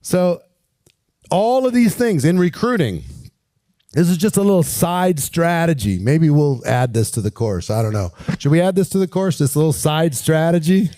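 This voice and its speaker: Man as a high-voiced, mellow recruiting coach, energetic and direct. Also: moderate pace, dry recording. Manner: energetic, direct, coaxing questions. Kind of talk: coaching talk with acted pitch demos. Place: walking around while filming.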